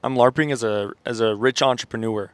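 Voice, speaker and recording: A self-improvement content creator speaks fairly quickly in a mid-range voice with fairly even intonation, his sinuses sounding stuffy. The motivational vlog is casual and rambling, full of fillers, self-corrections, and "okay?"/"right?" check-ins, recorded without echo.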